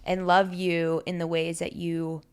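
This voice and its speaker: A woman's voice: on the low side, level tone, a little mellow, smooth. A woman co-hosting a podcast, chatting casually and giving careful, hedged advice. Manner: chatty, hedging, measured advice. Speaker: podcast co-host. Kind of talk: casual chat.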